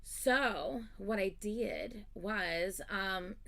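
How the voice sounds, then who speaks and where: Bright-voiced woman telling a story. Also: medium pitch, drawn-out words, gravelly. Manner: animated, swears casually. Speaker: livestream host. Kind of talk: casual storytelling chat.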